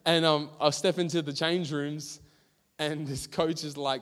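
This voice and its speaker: A man's voice: on the high side, steady tone, unhurried, smooth, in a large hall. A young man with an Australian accent, giving a casual, rambling sermon full of fillers and self-deprecating stories. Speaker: preacher.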